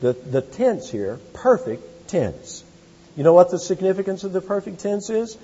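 A man preaching an expository sermon as pastor, emphatic, slowing down to stress key words and building to loud repeated phrases. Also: high voice, big pitch swings, husky. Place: church sanctuary. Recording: lo-fi church hall recording with long reverb.

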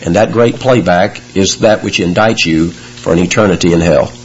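A man preaching a sermon, explaining scripture verse by verse and rising in pitch and force on key words. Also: moderate pace, dull audio, a little hiss or hum. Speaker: pastor.

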